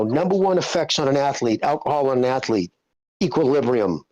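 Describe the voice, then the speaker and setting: A man's voice: medium pitch, fairly quick, dry recording, lo-fi sound. Blunt, profane male podcast host. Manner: blunt, profane, animated storyteller. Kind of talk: loose casual chat.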